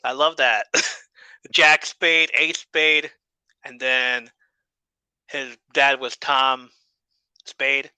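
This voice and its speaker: A man casually recaps a TV episode for his podcast, relaxed and loose, with easy swearing and quick laughs. His voice is very bright and sharp, close to the mic in a dry, dead room. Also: medium pitch, clean tone, no echo, low-quality recording. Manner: laid-back, swears casually, laughs often. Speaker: podcast host.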